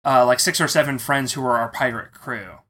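A man recounting a personal story in a casual interview, animated and expressive as he tells it. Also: mid-range voice, a little fast. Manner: animated, acts out quoted voices.

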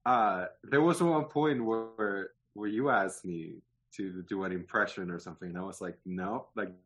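A man co-hosting a podcast in casual chat, self-deprecating and quick to laugh. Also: fairly low pitch, a bit bright, slightly rough, dull audio. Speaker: podcast co-host.

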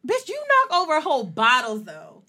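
A young woman co-hosting a podcast, telling stories bluntly in a casual, animated chat. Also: high-pitched, moderate pace. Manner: blunt, animated storytelling with profanity. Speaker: podcast co-host.

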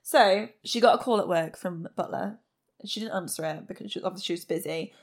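Lady doing a true crime podcast, gravelly creaky voice, blunt and chatty. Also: lowish voice, brisk. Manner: plain-spoken, blunt asides while recounting a case. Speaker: podcast host.

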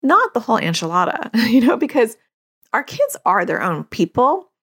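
Gravelly-voiced woman giving parenting advice. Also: on the high side, big pitch swings, moderate pace, a bit bright. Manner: chatty, self-disclosing, with frequent fillers and laughs. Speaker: podcast host and parenting therapist. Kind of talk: casual advice monologue.

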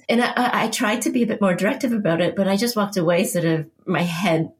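A woman's voice: mid-range voice, fast talker. Hesitant woman telling her story. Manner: hesitant, with fillers and repeats. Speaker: podcast guest, mother. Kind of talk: personal storytelling.

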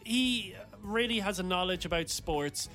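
A man co-hosting a radio show, quick with quips and chuckling along. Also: sits high, sharp tone, soft background music. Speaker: radio co-host. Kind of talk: casual radio banter.

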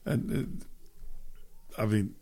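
A man's voice: extremely slow, warm tone. An older man, telling rambling stories in a casual chat with his son, often restarting his sentences. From Texas. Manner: rambling storyteller with frequent restarts.

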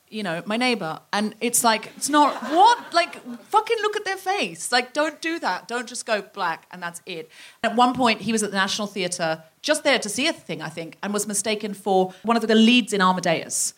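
A woman hosting a live podcast on stage, emphatic and quick to exclaim as she talks. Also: mid-range voice, fairly bright tone. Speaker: podcast host. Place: theatre stage before an audience.

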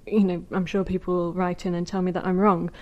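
A woman from the Manchester area, chatting on a podcast with a fairly low voice. She talks in a lively, joking way. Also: fairly quick, muffled recording. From Manchester area, England. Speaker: podcast co-host. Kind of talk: casual conversational chat.

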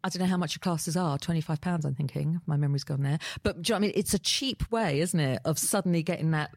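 A woman's voice: low-pitched, quick pace, darkish tone, dry recording, studio quality. A British woman co-hosting a podcast, asking playful teasing questions. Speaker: podcast co-host. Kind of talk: casual podcast chat.

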